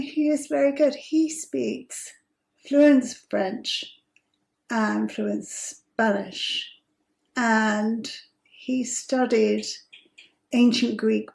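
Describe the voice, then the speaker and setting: A woman in her fifties telling a personal story as host, chatty and amused, with breathy asides. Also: a little high, a little mellow, echoey room. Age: 50s.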